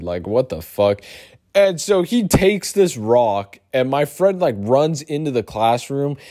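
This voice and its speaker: A young man telling a profane, animated storytime for his YouTube channel. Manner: profane, animated storytelling with big pitch swings. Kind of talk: storytime vlog.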